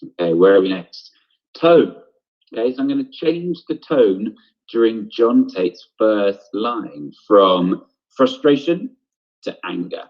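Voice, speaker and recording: A man's voice: fairly low pitch, animated, takes it slowly. A man teaching an online drama lesson over a video call, explaining step by step and often checking in with "okay?". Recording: dull lo-fi video call audio.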